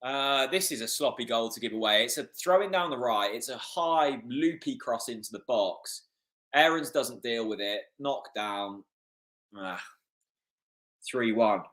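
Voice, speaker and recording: A young man hosting a live football watchalong, excitable and getting hoarse. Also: mid-range voice, unhurried. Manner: excitable, swings from calm chat to shouting at goals. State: losing his voice. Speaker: fan watchalong host.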